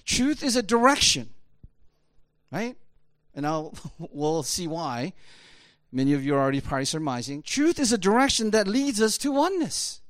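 High-voiced man preaching, animated. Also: no echo, studio quality. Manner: animated, rhetorical, with frequent "right?" asides. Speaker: pastor. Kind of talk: conversational sermon.

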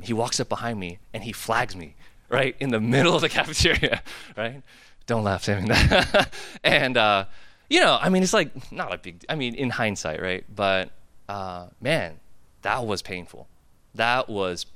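Man, 30s, from the United States, pastor, casual sermon, smooth voice, mid pitch, confessional storytelling. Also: a bit bright, dry recording. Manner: conversational, confessional storytelling with frequent "like" and "right?". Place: hall with a cafeteria.

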